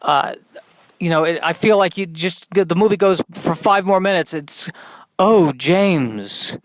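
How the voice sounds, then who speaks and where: A man's voice: sits high, steady tone, moderate pace, dry recording, poor audio. A man hosting a podcast, doing a rambling, hesitant comedy monologue full of fillers. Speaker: podcast host.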